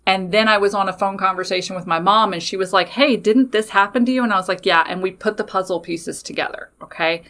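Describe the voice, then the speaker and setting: Bright-voiced woman telling stories. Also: medium pitch, quick pace, hardly any pauses. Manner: candid, animated storytelling with casual swearing. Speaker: podcast host. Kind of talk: personal storytelling.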